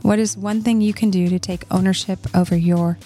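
A woman's voice: mid-range voice, fairly even intonation, brisk, dark tone, soft background music. A woman hosting a podcast and speaking to listeners in a tender, reassuring, emotional way. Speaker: podcast host and coach. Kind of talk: heartfelt podcast monologue.

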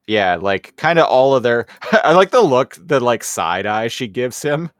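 A man's voice: mid-range voice, very animated, unhurried, no echo. A man co-hosting a podcast, casually recapping scenes with dry quips. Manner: laid-back, dry quips. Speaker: podcast co-host.

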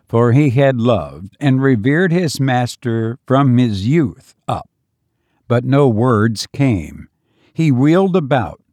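An audiobook narrator reads scripted material slowly and solemnly in a medium-pitched, darkish male voice. The recording is studio quality with no echo.

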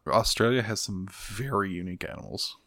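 A man co-hosting a casual podcast chat, animated and quick to laugh. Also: lowish voice. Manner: animated, laughs often, slips into silly voices. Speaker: podcast co-host.

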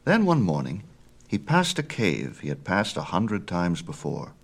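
A man reads a myth aloud with measured, expressive storytelling. His voice is very low, yet it rises and falls widely as the tale unfolds. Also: vocal fry. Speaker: audiobook narrator.

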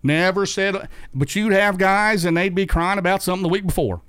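A middle-aged man chatting as a guest, his voice smooth and resonant and a touch higher than most men's. He rambles through long anecdotes, restarting sentences and chuckling along the way. The sound is close and dry, with no room echo. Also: expressive, normal speed, a bit bright. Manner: rambling, many restarts and asides; chuckles while telling stories. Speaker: guest recalling dirt track racing. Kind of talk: casual storytelling chat.

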